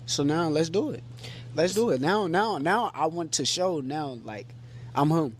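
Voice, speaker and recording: A man's voice: a little high, expressive, unhurried, a little hiss or hum. A man, a boxer, giving loose, boastful interview answers in an easygoing way.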